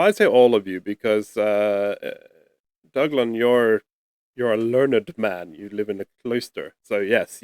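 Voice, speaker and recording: A man acting as game master, chatty and quick to laugh as he narrates. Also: fairly low pitch, darkish tone, smooth, no room sound, clean studio sound. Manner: chatty, laughs often, many restarts.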